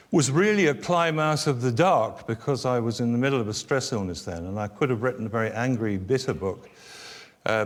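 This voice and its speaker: Older UK man, author, wry self-deprecating storyteller, reverberant church hall. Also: medium pitch. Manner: wry, self-deprecating, building to animated exasperation. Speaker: author and guest speaker. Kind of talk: humorous storytelling talk. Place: church venue before an audience.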